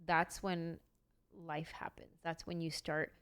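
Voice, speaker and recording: Woman hosting a podcast, smooth clear voice, encouraging her guest. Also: deep voice, level tone, slow. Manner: encouraging, affirming. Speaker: podcast host. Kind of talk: casual podcast chat.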